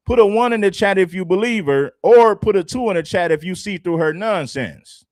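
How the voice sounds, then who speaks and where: A man's voice: high-pitched, a little fast, few pauses, no room sound, clean studio sound. A man hosting a reaction livestream, talking emphatically and mockingly and firing rhetorical questions at his audience. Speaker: livestream commentator.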